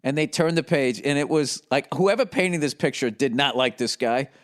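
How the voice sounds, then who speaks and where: Male podcast host, solo rambling monologue, profane and blunt, average pitch. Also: normal speed. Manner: profane, rambling, slips into mocking voices.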